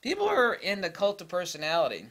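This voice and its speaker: A man with a bright, fairly high voice delivers an exasperated, sarcastic rant. His pitch swings widely as he scolds and mocks. It sounds like a solo vlog monologue. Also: huge pitch swings, fast. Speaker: photography vlogger. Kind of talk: ranting monologue.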